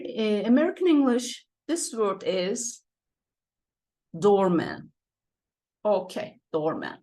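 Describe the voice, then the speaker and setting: Slow, lively-voiced woman teacher. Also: fairly high pitch. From Turkey. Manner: slow, drawn-out, repeating words for students. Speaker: English teacher. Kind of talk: online lesson walkthrough.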